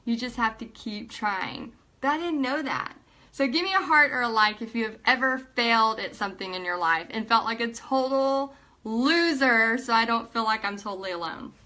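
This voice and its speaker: A paint party instructor, a woman almost 40 with a bright, somewhat high voice, tells a personal story to camera in a vlog. She's emotional and animated, acting out the quotes as she retells events.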